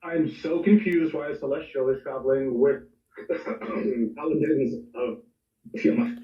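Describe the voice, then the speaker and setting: A man's voice: medium pitch, expressive, unhurried. A man playing a tabletop game, joking and laughing in character talk. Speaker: player. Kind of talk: casual tabletop play. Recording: distant, echoey, dull remote audio.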